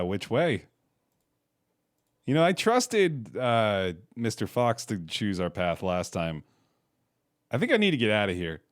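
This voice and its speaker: A man's voice: medium pitch, clear, resonant tone, no room sound. A man in a casual gaming video, laughing, thinking aloud and reacting as he plays a text adventure game. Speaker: game streamer.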